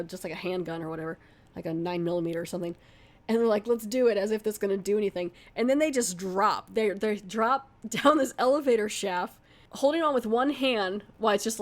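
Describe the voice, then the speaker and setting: Woman podcast host, mid-pitch, chatty and rambly, dry sarcastic asides. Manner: rambling, chatty, lots of "like" fillers. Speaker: podcast host reviewing a film. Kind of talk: casual spoiler-heavy movie recap.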